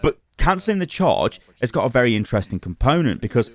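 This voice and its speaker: A man hosting a casual gaming news channel, chatty and animated, laughing at his own asides. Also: medium pitch, fast.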